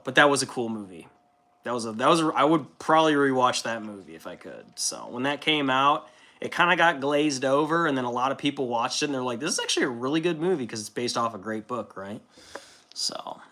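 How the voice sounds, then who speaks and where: A man's voice: medium pitch, pushed and bright. A man streaming casually while painting, rambling in a laid-back way and swearing freely.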